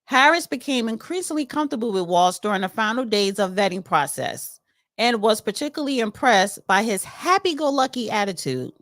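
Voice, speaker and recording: A woman's voice: a little high, sing-song, a little fast, a bit bright, dry recording, clean studio sound. A woman hosting a casual solo commentary. She chats and reads news articles aloud, adding opinionated asides. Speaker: political commentary host.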